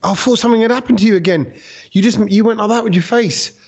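A man hosting a casual podcast, telling a story with lively acted-out quotes. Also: sits high, fast talker, breathy edge. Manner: animated storyteller who acts out quotes. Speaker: podcast host.

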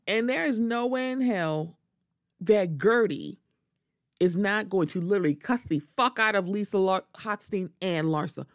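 A woman's voice: mid-range voice, expressive, normal speed, no echo, clean studio sound. A woman hosting a solo podcast, giving casual, sassy commentary and often acting out other people in quoted voices. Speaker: podcast host.

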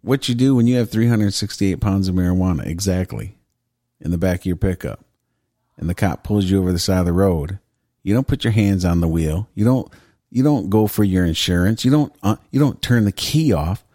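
A man with a somewhat low voice banters loosely on a podcast, swearing and laughing as he riffs. The sound is dry and close, with no room echo. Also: animated, fairly quick, mellow. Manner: joking, profane, laughs often. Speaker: podcast co-host.

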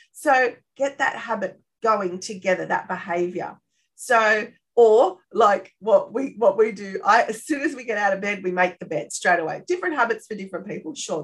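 A woman explaining parenting skills in a casual interview, lively and often checking in with tag questions. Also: fairly high pitch. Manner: animated, acts out parent-child dialogue. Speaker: parenting expert guest.

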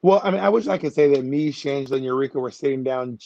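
A man's voice: medium pitch, fast talker, creaky, warm tone, dry recording, dull audio. A man who is a drag performer, chatting playfully as a guest in an interview, joking about himself. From United States. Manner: playful, self-mocking, talkative. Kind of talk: casual interview chat.

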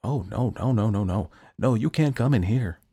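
A man's voice: on the low side, lively intonation, moderate pace, mellow, husky. Stern elderly saint, firm and disapproving, voiced by a male narrator. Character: stern older male saint, judging gatekeeper.

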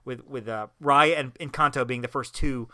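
A man's voice: mid-range voice, steady tone, moderate pace, sharp tone. A man co-hosting a podcast in casual chat, talking with gushing enthusiasm. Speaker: podcast co-host.

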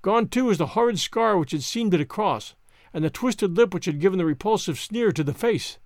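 A man narrating a story in an expressive, animated reading style. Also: high voice, fairly quick, no echo, studio quality. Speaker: audiobook narrator.

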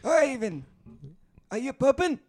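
A man's voice: very high voice, big pitch swings, a little slow, a little mellow, heavily acted. A man putting on the voice of a whiny, fussy old man in an improvised comedy bit. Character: fussy old man fretting over a child.

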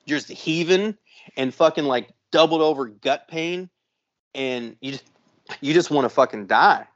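A man hosting a podcast, telling a long story in a casual, profane, animated way. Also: fairly high pitch, unhurried, highs cut off. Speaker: podcast host.

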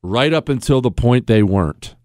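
A man in his forties hosting a call-in radio talk show, emphatic and animated, dropping from loud to low. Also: moderate pace, no echo, clean studio sound.

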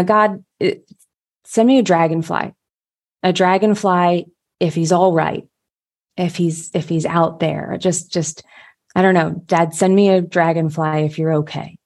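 A woman hosting a casual talk, telling a story from the heart. Her voice sits somewhat low, and she circles back and restarts her sentences as she goes. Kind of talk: casual conversation.

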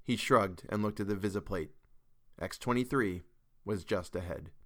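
A man narrating a science fiction story in a measured, expressive reading. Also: on the low side. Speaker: podcast reader.

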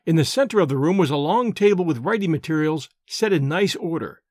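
A man reads a novel aloud in the first person, his voice rising and falling with animated expression. The pitch sits a little high for a man, and the sound is close and dry with no room around it. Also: brisk, no room sound. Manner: expressive, lively storytelling. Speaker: audiobook narrator.

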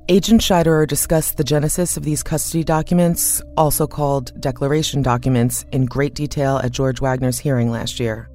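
A man narrates a podcast from a script, measured and even in his reading. Faint music plays beneath his voice. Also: medium pitch. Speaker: podcast host.

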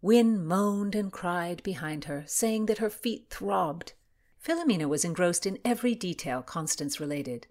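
A woman's voice: fairly low pitch, animated, unhurried, darkish tone. Woman narrating a historical novel. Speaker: audiobook narrator. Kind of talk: scripted narration.

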